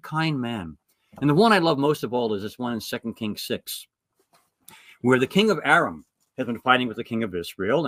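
A man's voice: mid-range voice, a bit bright, no echo, clean studio sound. A man giving a retreat talk, retelling Bible stories in an earnest, storytelling way with frequent restarts. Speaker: retreat speaker. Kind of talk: scripture talk.

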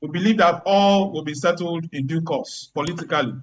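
Male legal commentator, emphatic and lawyerly, voice sits high. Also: brisk, poor audio. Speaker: legal analyst guest. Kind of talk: remote news interview commentary.

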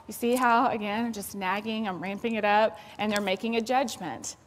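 A woman's voice: mid-range voice, steady tone, moderate pace, hardly any pauses, long reverb tail. A woman who is a school administrator, giving a conversational parenting seminar and acting out examples for the audience. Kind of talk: seminar talk. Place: seminar hall.

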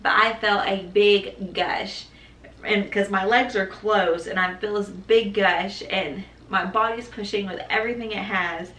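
Bright-voiced young woman, echoey room. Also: medium pitch, unhurried. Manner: animated, acts out quoted voices, laughs. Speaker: vlogger telling her birth story. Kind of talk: casual storytelling vlog. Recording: echoey room, mic at a distance.

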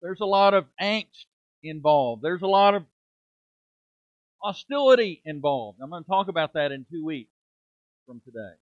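Middle-aged male preacher, high pitch, emphatic sermon delivery, dull close recording. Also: expressive, moderate pace, pauses often, no echo. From United States. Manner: emphatic preaching with rhetorical questions and dramatic drops in volume. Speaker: preaching minister. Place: church sanctuary.

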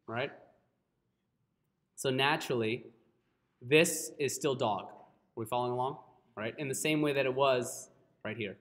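Male coding teacher, live class, unhurried delivery, keeps checking in with the room. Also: medium pitch, a bit bright. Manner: keeps checking in with "right?" and apologizes a lot. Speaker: coding instructor.

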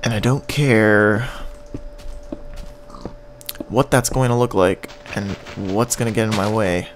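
In a lowish, steady voice, a Canadian-accented man takes his time giving relaxed gameplay commentary full of rambling and jokes. Now and then this gaming channel host hums or scats a little tune, and slight background noise can be heard.

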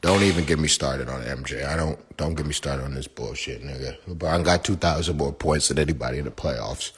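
A man's voice: very deep voice, breathy edge. A young man ranting profanely on a phone live stream about basketball, heated and mocking.

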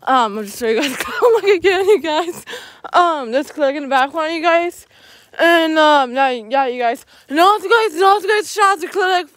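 A high-pitched woman vlogs as she walks alone outdoors. Her talk is jittery and rambling, packed with repeats of "you guys." The sound is dry and close, with hardly any room in it. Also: expressive, moderate pace, fairly bright tone, no echo. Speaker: vlogger. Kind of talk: walking vlog talking to viewers.

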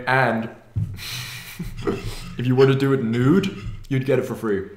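A man's voice: medium pitch, steady tone, takes it slowly. A man co-hosting a podcast, joking in casual chat while he eats at a table. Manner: joking, talks while eating. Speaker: podcast co-host. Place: room, eating at a table. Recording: echoey room, faint table noise.

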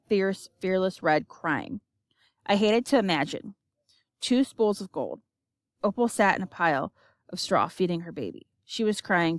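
A woman giving an expressive, measured audiobook narration. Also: on the low side, dry recording, studio quality.

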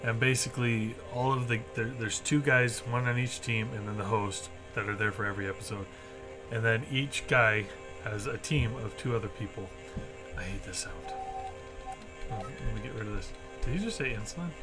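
Guy streaming a game, rambly chatty talk, game music going loud under him. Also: lowish voice, moderate pace. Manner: chatty, rambling explanations with many fillers. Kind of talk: casual game commentary.

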